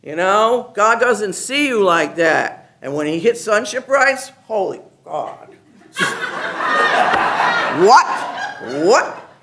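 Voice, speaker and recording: Man with a high, bright voice; lively testimony speaker who plays out dialogue and laughs often. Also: slow, a little hiss or hum. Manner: animated storyteller, acts out other people's lines; laughs often while talking. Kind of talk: personal testimony told to a live group. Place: meeting room with a gathered group.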